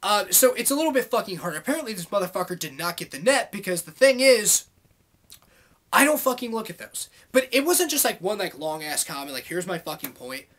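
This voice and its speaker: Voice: medium pitch, big pitch swings, fairly quick, a bit bright. A vlogger delivering a heated, rambling monologue to camera, swearing constantly and full of filler words. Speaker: YouTube vlogger. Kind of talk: angry monologue rant to camera.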